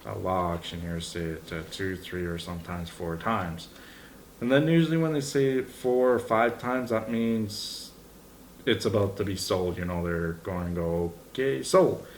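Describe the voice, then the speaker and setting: A young man from Alberta, an auctioneer casually explaining his chant and breaking into quick rhythmic bid calls. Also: low voice, fairly even intonation, slight background noise. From Alberta, Canada. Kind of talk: casual tutorial.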